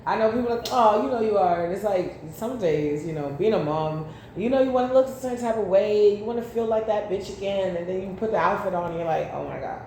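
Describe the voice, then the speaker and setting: A woman's voice: mid-range voice, fast, few pauses, mellow. Woman, tarot reader, casual and profane, storytelling asides, heavy room echo, faint background hiss. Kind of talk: casual tarot reading with personal stories.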